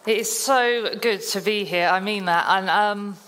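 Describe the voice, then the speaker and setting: A woman from the South Coast of England giving a chatty testimony talk as a guest speaker, telling stories in a lively, self-deprecating way. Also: medium pitch, unhurried, smooth. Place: church hall. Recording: reverberant hall.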